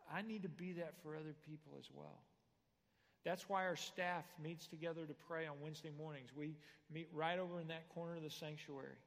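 A man in a pastor's role delivers a sermon in a church sanctuary, his voice sitting somewhat high and carrying a long echo through the hall. He tells stories with humor, dropping low for asides and rising loud for the punchlines. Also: fairly even intonation, brisk, gravelly. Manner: storytelling, swings from quiet asides to loud punchlines.

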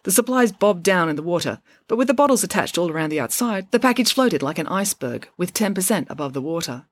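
A woman tells a children's adventure story in a fairly low voice that moves freely up and down. The recording is close and dry, with nothing around it. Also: fast, dry recording. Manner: expressive, even storytelling. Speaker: audiobook narrator. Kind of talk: storybook narration.

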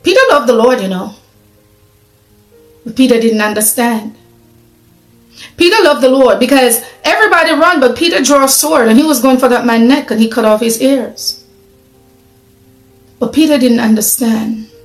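A woman's voice: on the high side, moderate pace, pauses often, faint music behind. Earnest woman preaching in an echoey room. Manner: earnest, conversational, rhetorical questions. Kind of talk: sermon.

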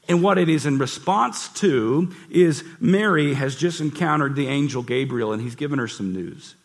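A man preaching a lively sermon in church, asking the listeners questions and acting out the voices in the story. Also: a little high, moderate pace, few pauses. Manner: animated preaching, acts out voices and asks the crowd questions. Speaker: pastor.

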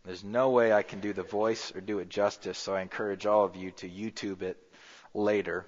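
A man preaching a sermon as pastor, rising to emphatic peaks and dropping to a hushed low voice. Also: steady tone, brisk. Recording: muffled with long hall reverb.

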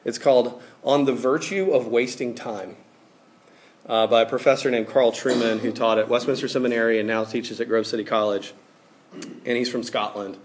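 A man's voice: medium pitch, slight background noise. A young adult man giving a casual, conversational sermon to students, with many fillers.

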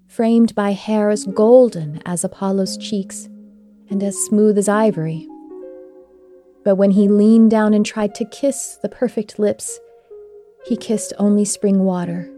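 A woman narrates an old myth in a gentle, measured storytelling voice of middle pitch. Her tone is warm and mellow, unhurried and even. A faint bed of music plays softly beneath her. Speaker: storyteller and show host.

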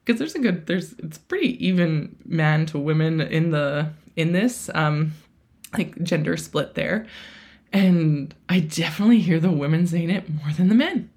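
A woman's voice: low-pitched, lively intonation, measured pace, a little mellow. A woman in her thirties hosting a podcast, talking in a casual solo monologue, chatty with lots of fillers and acted-out self-quotes. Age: 30s. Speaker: podcast host.

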